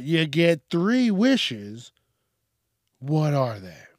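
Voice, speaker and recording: A man's voice: fairly high pitch, very animated, very slow, dry recording, clean studio sound. A man hosting a solo podcast, ranting casually and bluntly with plenty of swearing. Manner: profane, ranting, blunt and conversational. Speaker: podcast host.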